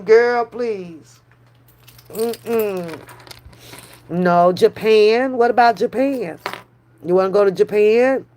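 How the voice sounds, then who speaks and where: A woman hosting a live stream, chatting casually with viewers in a slow, drawn-out way, often brushing things off with a dismissive "mm-mm". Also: medium pitch, a little mellow, a little hiss or hum. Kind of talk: casual chat.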